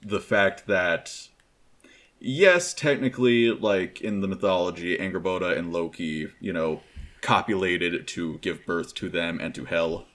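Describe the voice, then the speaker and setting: A man co-hosting a casual game review chat, relaxed and rambling with fillers and restarts. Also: low-pitched, measured pace. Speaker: podcast co-host.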